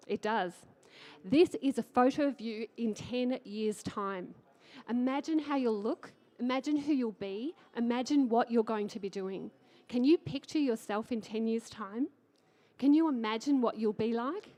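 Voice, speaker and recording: An enthusiastic middle-aged Australian woman speaks from a conference stage with a slightly high voice. She keeps her talk chatty and upbeat and often turns to the crowd with questions. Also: animated, a little slow, a little mellow. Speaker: trading educator and conference speaker. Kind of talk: energetic conference talk to a live audience. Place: conference stage before an audience.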